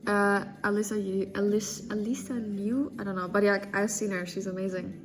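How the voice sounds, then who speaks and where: Woman streamer just chatting, joking around and laughing a lot, mid pitch, faint music underneath. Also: flat delivery, moderate pace. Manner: playful and joking, often breaking into laughter. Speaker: livestreamer. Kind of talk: casual chat reading viewer comments.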